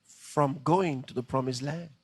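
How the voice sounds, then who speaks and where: A man preaching a dramatic, animated sermon. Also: medium pitch, unhurried, husky, no room sound.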